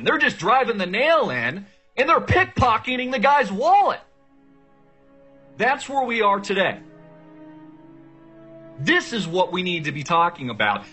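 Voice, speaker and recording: A man's voice: a little high, bright, forceful tone, slightly rough. A man from the United States hosting a show, delivering an angry, impassioned political rant full of rhetorical questions. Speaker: show host.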